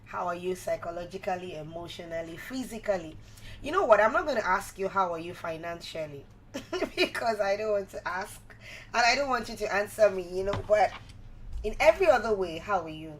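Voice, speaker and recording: A woman's voice: mid-range voice, animated, fairly quick, slight background noise, poor audio. A woman hosting a live radio show on mental health, chatting to listeners and asking them repeated questions. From Nigeria. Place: radio studio.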